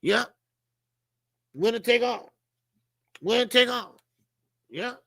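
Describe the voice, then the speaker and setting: A man talks boxing on a live stream in a casual, rambling way, cursing bluntly and calling out to viewers in the chat. His voice sits high and has a gravelly edge. The recording is dry and close, with no room sound. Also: expressive, slow pace, bright, forceful tone, dry recording. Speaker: boxing channel host.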